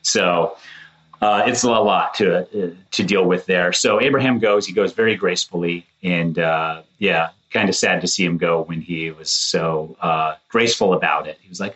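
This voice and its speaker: Deep-voiced man recapping animatedly. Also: normal speed, lo-fi sound. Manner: animated, acts out quotes in shifting voices. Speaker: podcast co-host, former contestant. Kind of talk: casual chat.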